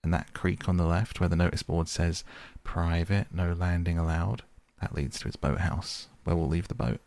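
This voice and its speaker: Brief: a man doing a hearty, good-natured storybook water rat, low and gravelly. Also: level tone, moderate pace, darkish tone, no room sound. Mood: cheerful.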